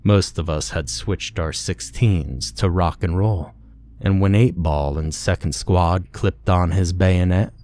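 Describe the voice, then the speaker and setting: A man narrating a war horror story in a grim, measured, scripted way. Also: sits low, darkish tone.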